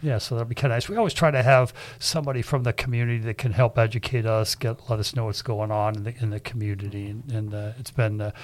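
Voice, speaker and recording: A man's voice: medium pitch, fairly even intonation, fast, hardly any pauses. An older man, a retired park ranger, chatting on community radio in a folksy storytelling way. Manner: folksy storyteller, repeats words when starting. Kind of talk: casual radio chat.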